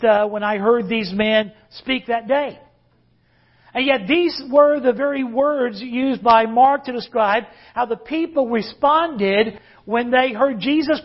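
High-voiced preacher, emphatic. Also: male voice, lo-fi sound. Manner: emphatic, leads congregation in call-and-response. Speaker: pastor. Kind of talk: sermon.

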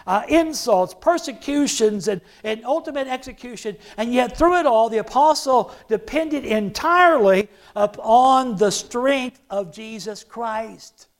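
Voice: mid-range voice, a little slow, hardly any pauses. A pastor preaching a sermon to a church, stressing phrases by repeating them and leading the congregation in call-and-response.

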